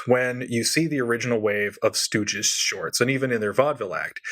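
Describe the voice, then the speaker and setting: A man co-hosting a podcast, chatting casually and animatedly, laughing often with quick asides. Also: medium pitch, sharp tone. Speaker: podcast co-host. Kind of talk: casual chat.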